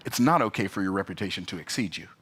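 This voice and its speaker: Man for a vlog rant: emphatic, sarcastic, bright forceful tone. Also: low voice, lively intonation, fast, slightly rough. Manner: exasperated, emphatic, sarcastic asides. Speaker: business vlogger. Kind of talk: animated storytelling rant.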